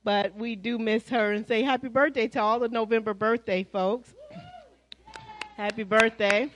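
A woman pastor with an American accent giving lively, chatty church announcements to her congregation, calling them y'all. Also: fairly high pitch, moderate pace, background noise. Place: church sanctuary.

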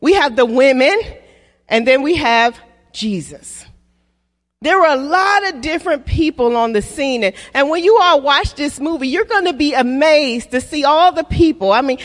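A woman preaching with a high, lively voice that rises and falls freely. She calls out to the congregation and has them repeat her words. Her voice carries a long reverb from the church hall around her. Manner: call-and-response, repeats lines for the congregation; acts out playful voices in quoted dialogue. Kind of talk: sermon.

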